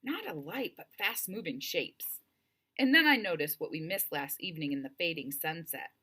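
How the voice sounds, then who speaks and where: A woman narrating a first-person audiobook with expressive, wryly humorous storytelling. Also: lowish voice, moderate pace, breathy edge.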